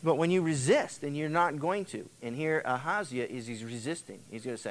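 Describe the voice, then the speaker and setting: A man's voice: a little high, a little fast. A middle-aged male pastor preaching a sermon in a conversational way, now and then acting out the voices of biblical figures, heard on an old cassette tape transfer.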